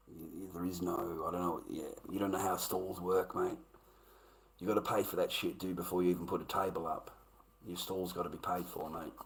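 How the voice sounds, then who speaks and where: Telling stories in a casual, profane rant, a middle-aged Australian livestreamer rambles and laughs. His voice sits low with a fairly bright tone. The recording is low quality, with slight background noise.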